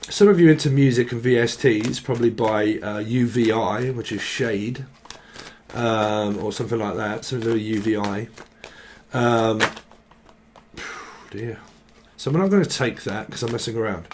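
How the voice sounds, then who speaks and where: A man's voice: medium pitch, a little mellow, slight background noise. A man giving a casual tarot reading in a loose, playful way, joking and wandering off on tangents. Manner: playful, jokey, slips into silly regional voices and laughs often. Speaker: tarot reader.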